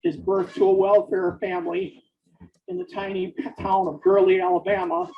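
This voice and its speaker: A man dictating fiction aloud, speaking each punctuation mark in a slow, deliberate way. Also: high-pitched, flat delivery, vocal fry, dull audio. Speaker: author dictating a novel.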